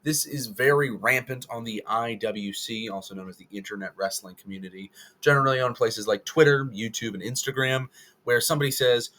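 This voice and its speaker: A man's voice: mid-range voice, fairly quick, pushed and bright. A man giving casual opinion commentary to the camera, rambling and correcting himself as he goes. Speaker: wrestling video creator.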